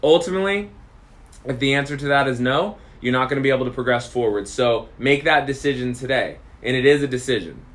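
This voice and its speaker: A man's voice: mid-range voice, fairly quick, a bit bright. A man hosting a podcast, talking straight to the listener in an emphatic motivational monologue that repeats phrases for effect. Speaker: podcast host.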